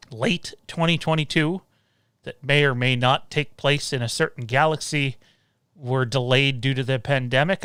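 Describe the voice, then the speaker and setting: A man's voice: mid-range voice, a bit bright, clean tone, dry recording, clean studio sound. A man hosting a podcast panel, leading the talk and putting questions to the others. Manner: leads the discussion, asks questions. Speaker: podcast host. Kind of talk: casual panel chat.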